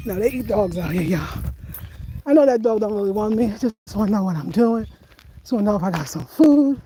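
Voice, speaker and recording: A woman's voice: mid-range voice, animated, fairly quick, dark tone, a little hiss or hum, low-quality recording. A woman vlogging as she walks outdoors in the countryside, chatting and laughing with her viewers. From United States. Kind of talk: casual vlog while walking.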